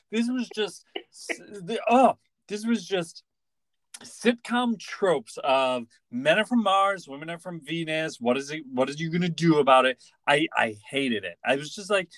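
Lively, high-pitched man in a dry room. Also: unhurried, dry recording. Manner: exasperated, expressive, swears. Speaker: podcast co-host. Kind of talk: casual chat.

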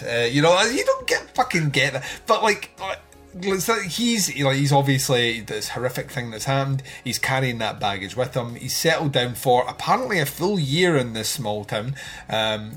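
A man's voice: mid-range voice, animated, moderate pace, fairly bright tone, slightly rough, soft background music. A man co-hosting a casual film podcast, rambling with lots of fillers and swearing, often laughing. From outside the United States. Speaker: podcast co-host. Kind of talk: casual film review chat.

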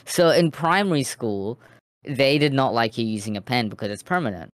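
A man's voice: medium pitch, normal speed, no room sound, studio quality. A man co-hosting a casual streamed podcast, laughing often as he tells stories. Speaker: podcast co-host.

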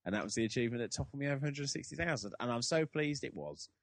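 A man's voice: medium pitch, animated, fast talker, dry recording. A young man hosting a podcast, chatting and rambling in a self-deprecating way. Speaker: podcast host. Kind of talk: casual chat.

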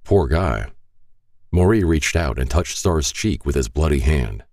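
A man's voice: a bass voice, expressive, a little slow, darkish tone, no echo, studio quality. A man narrating a first-person story in an earnest, reflective way.

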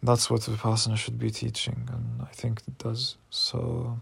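A man's voice: mid-range voice, monotone, normal speed, creaky, breathy edge, dry recording. A man in his twenties talking frankly and emotionally in a personal diary vlog, swearing freely when worked up. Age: 20s. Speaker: vlogger.

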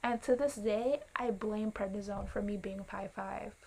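A woman's voice: medium pitch, a little slow, creaky, breathy edge. A young woman telling a personal story to camera in a casual, rambling way, drifting into tangents with apologetic, playful asides. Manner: chatty and animated, with playful asides. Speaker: vlogger.

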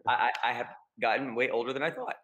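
A male guest actor from the American South talks fast in a Southern accent at a medium pitch. On a casual podcast, he tells rambling, self-deprecating stories, with background noise audible.

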